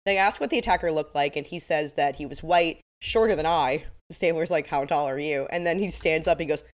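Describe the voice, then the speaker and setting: Woman with a low voice and a little lisp, wry podcast cohost reading her notes. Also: a little fast. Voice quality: slight lisp. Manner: wry, reads quotes from episode notes. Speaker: podcast co-host. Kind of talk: casual recap chat.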